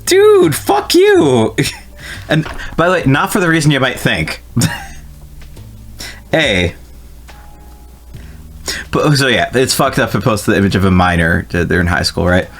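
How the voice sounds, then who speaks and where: A man's voice: lowish voice, animated, normal speed, long pauses, fairly bright tone, faint music behind. A man from New Jersey streaming a video game, chatting casually with his viewers, laughing and swearing often as he reads the game text aloud. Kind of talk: casual let's-play commentary.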